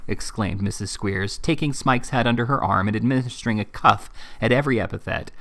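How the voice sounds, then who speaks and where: A man reads a classic novel aloud with steady, even narration. His voice sits somewhat low. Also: fairly quick, gravelly, hardly any pauses. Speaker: reader.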